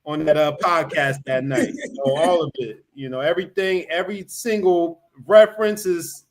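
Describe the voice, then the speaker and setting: A man's voice: fairly high pitch, steady tone, moderate pace. A man hosting a podcast, rambling and leaning on "you know" as he talks about a book. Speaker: podcast host. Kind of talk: casual podcast chat.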